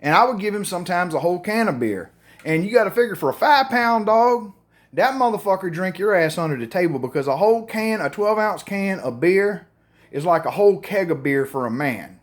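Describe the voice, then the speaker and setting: A man's voice: high-pitched, animated, a little fast. A middle-aged man, telling a family story casually in a profane, rambling way full of fillers.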